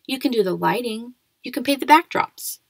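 A woman voicing a friendly, earnest ten-year-old schoolgirl in a storybook reading, eager and quick to scold rudeness. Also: fairly high pitch, expressive, gravelly, breathy edge, dry recording, pitched above the performer's own voice, exaggerated voice. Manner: eager, scolding when upset.

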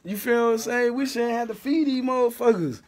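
Loud laughing Florida podcast man. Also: very high voice, brisk. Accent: Southern US, Central Florida. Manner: loud, laughing, profane storytelling. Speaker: podcast host. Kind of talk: casual podcast banter.

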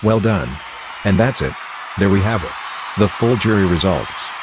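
A man hosting a results show, announcing in a measured, formal scripted way. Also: low-pitched, animated, over music. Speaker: show host.

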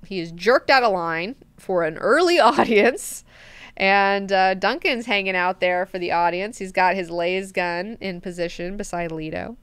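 A woman hosting a book club in a chatty, animated way with plenty of swearing. Her voice sounds very crisp and clear. The recording is dry and close. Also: medium pitch, normal speed, no echo. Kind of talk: casual book discussion.

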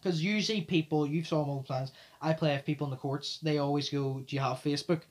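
A man hosting a podcast, telling a story in a casual chat, talking fast and loud and swearing often. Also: a little high, steady tone. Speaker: podcast host.

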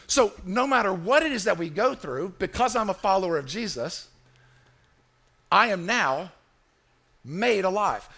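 A man's voice: sits high, lively intonation, a little slow, pauses often, pushed and bright. A man preaching a sermon as pastor in a church, emphatic and repetitive, calling on the congregation to answer him.

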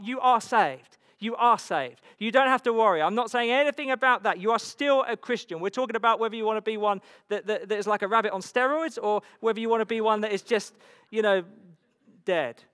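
A man's voice: high voice, fairly bright tone, smooth. A man preaching a sermon as pastor, emphatic and repetitive, full of rhetorical questions. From England. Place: church hall. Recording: long hall reverb.

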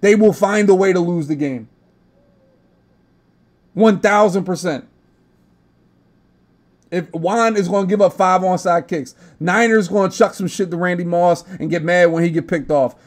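Young man, podcast host, casual gaming chat, brash and profane, slightly high voice. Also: unhurried, long pauses. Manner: brash, profane trash talk.

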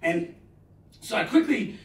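A man in his forties giving a live motivational talk, telling stories dramatically with bursts of loud emphasis. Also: sits high, sing-song, a little slow, a little hiss or hum. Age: 40s. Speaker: motivational speaker. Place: large lecture hall. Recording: roomy hall, distant mic.

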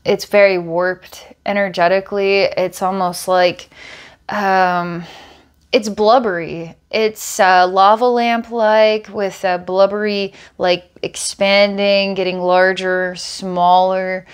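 A woman giving a psychic energy healing reading, describing impressions slowly and searchingly. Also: mid-range voice, level tone, smooth. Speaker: psychic healer.

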